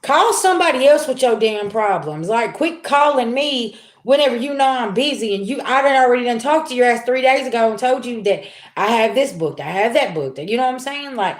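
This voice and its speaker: A woman's voice: fairly high pitch, brisk, few pauses, roomy sound. A woman doing a casual tarot reading, talking straight to her viewers in loose, colloquial speech. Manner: colloquial, talks straight at the audience; acts out quoted people in lively voices. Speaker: tarot reader.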